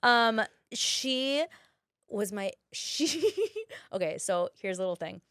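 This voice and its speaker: A woman's voice: medium pitch, animated, slow, a bit bright, clean tone, dry recording, clean studio sound. A woman in her thirties, an actress guest, chatting animatedly on a podcast, laughing often and restarting her sentences. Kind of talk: casual podcast chat.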